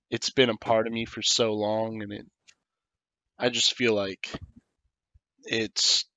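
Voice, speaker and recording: A man's voice: mid-range voice, sharp tone, no echo. A young man in casual chat, speaking plainly and reflectively. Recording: dull lo-fi sound.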